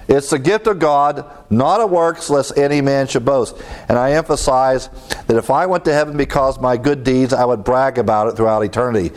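A middle-aged man teaches in a sermon style with an earnest, emphatic delivery. His voice sits at an ordinary middle pitch, and he drives home each point by repeating it. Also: brisk. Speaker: preacher teaching a class.

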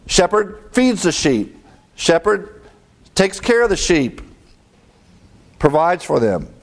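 A middle-aged male pastor delivering a sermon with a voice that sits a little high for a man. He leans hard on key words, fires off rhetorical questions and reads scripture aloud with emphasis. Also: big pitch swings, takes it slowly.

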